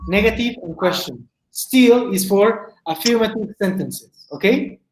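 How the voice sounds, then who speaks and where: A woman's voice: medium pitch, lively intonation, reverberant, low-quality recording. Emphatic woman teacher. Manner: drills sentences, slow and emphatic, coaxing students by name. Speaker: English teacher. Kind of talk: online group English lesson.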